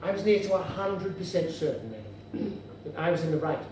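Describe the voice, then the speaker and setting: This comedian's voice sits on the high side with a somewhat dark tone, and he moves at a fairly quick clip. Speaking to his audience as sir and madam in an ornate, formal way, he's captured live from afar in a noisy, echo-heavy room.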